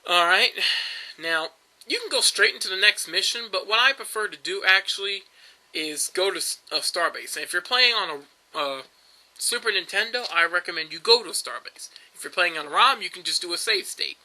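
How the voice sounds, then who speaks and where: A man's voice: sits high, animated, fairly quick, bright, forceful tone, rough recording. A young man casually commenting while playing a video game, rambling with frequent fillers and restarts. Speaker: gameplay commentator. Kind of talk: casual let's-play commentary.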